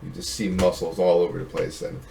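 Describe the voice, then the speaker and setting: A man narrating as game master of a tabletop game, halting with many fillers and restarts. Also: sits low, completely flat delivery, gravelly, warm tone, a little hiss or hum.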